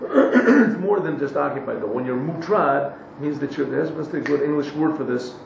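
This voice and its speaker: A man teaching a class, translating a text phrase by phrase into English and pausing often to search for the right word. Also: fairly high pitch, lively intonation, vocal fry, darkish tone, a little hiss or hum. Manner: pauses to search for English words. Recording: echoey, distant, dull lo-fi room recording.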